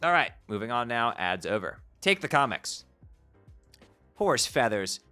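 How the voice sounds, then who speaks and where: A man's voice: mid-range voice, sing-song, a little slow, sharp tone. A man streaming casual chat, rambling with laughs and stumbling restarts. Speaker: streamer reading a webcomic aloud. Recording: background music under voice.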